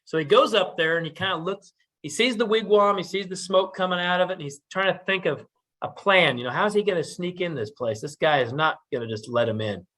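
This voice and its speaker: A man's voice: high voice, brisk. Man telling a story casually. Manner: relaxed, animated, with fillers. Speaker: storyteller at community meeting.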